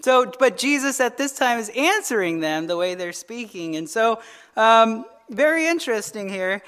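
A woman's voice: a little high, lively intonation, moderate pace, a bit bright, clear, resonant tone. A woman teaching a midweek Bible study in a conversational way, often asking "right?" and restarting her phrases.

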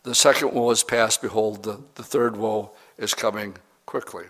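A middle-aged man preaching as a pastor, reading scripture slowly and then explaining it in plain, conversational words with questions to the congregation. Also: lowish voice, fairly even intonation, a bit bright. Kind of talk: verse-by-verse Bible teaching sermon.

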